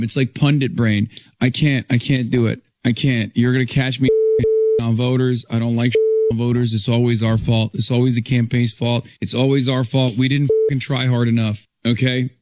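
A man rants casually in an exasperated, mocking voice, swearing freely. His pitch is mid-range. The sound is dry and close. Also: fairly even intonation, moderate pace, a little mellow, dry recording. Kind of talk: casual online commentary.

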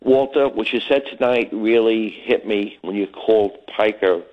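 Rambling older caller on a muffled line. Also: male voice, fairly low pitch, normal speed. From Brooklyn, New York. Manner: rambling, earnest, stumbling over words. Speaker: radio show caller.

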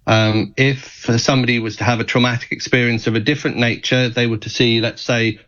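A man speaking as a guest on a radio talk show, in a measured way with frequent fillers. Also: mid-range voice, flat delivery, fairly bright tone, lo-fi sound.

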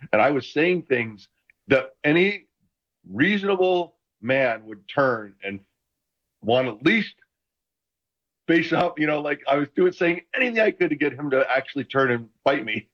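Animated older man on a dull line. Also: medium pitch, normal speed. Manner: animated, enthusiastic anecdotes. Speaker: guest, retired football player. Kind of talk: casual chat, storytelling. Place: home room full of memorabilia.

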